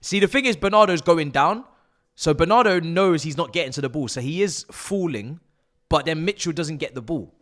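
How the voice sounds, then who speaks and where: A young man reacting live to a football match, excitable and prone to swearing and shouting at players. His voice sits a little high and comes across bright and sharp. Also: moderate pace. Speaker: live stream host. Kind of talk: live football watch-along commentary.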